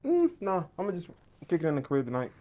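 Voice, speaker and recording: Dude doing a chill homebody guy brushing off his boy, mellow voice that swings up and down. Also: fairly high pitch, wildly swooping pitch, fast talker, lo-fi sound. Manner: dismissive, easygoing. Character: laid-back young homebody man turning down a party. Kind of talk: music video skit dialogue.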